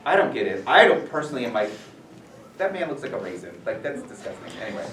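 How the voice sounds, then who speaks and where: A man visiting a school as an author, answering questions in a rambling, animated way full of fillers. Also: mid-range voice, fast talker, a little hiss or hum. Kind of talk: casual Q&A talk. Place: school room, audience present. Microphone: distant from the recorder. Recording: echoey room, voice heard from far off.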